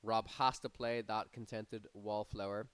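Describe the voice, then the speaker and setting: A man's voice: lowish voice, steady tone, a little slow, clear, resonant tone, no room sound. A man giving live play-by-play commentary on a card game tournament, his energy rising on big plays. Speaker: tournament caster.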